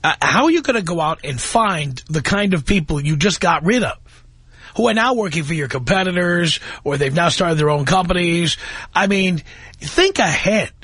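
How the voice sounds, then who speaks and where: A male radio host in casual studio chat, reasoning things through in a measured way. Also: high voice, animated, a bit bright, breathy edge, dry recording. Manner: measured, reasoning, says "I mean" and "look".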